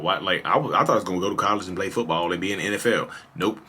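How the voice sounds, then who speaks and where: Candid man in his thirties, sharp tone. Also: low-pitched, rapid-fire, few pauses, a little hiss or hum. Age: 30s. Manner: casual and confessional, many "you know" fillers. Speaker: podcast host. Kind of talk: candid personal storytelling.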